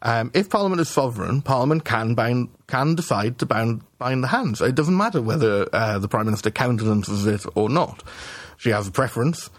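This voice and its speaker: A man's voice: medium pitch, expressive, fairly quick, hardly any pauses, dry recording. Man talking politics over beers. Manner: hesitant restarts, swearing, building an argument. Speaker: podcast co-host. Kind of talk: casual political chat.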